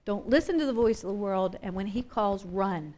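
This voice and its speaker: A woman's voice: medium pitch, normal speed, warm tone. A woman preaching a sermon, impassioned and repetitive, building up and easing back in intensity.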